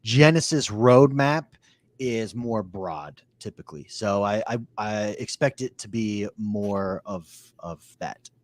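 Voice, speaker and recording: A woman co-hosting a casual podcast chat, relaxed and curious, asking questions. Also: rumbling low, slow, no room sound. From family from Scotland. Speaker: podcast co-host.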